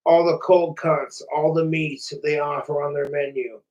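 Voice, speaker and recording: Casual male streamer, rambling and profane, slightly high voice, a bit off-mic. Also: fairly even intonation, unhurried, darkish tone, far from the mic, poor audio. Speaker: livestreamer. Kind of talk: casual livestream chat.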